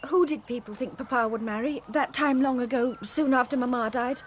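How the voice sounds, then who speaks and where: A woman's voice: a little high, steady tone, brisk, slight background noise, natural voice. A woman playing a shy, polite young girl. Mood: curious. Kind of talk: 1980s radio drama acting.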